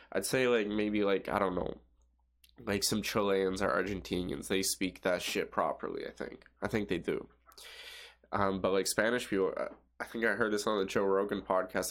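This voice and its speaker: In a casual, rambling podcast monologue, a young male host with a fairly low, slightly bright voice swears freely. He often stops to restart sentences and fills them with filler words.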